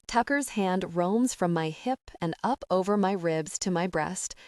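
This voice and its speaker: A woman narrating a first-person romance audiobook in an intimate, unhurried way. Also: fairly low pitch, a little mellow, dry recording, studio quality.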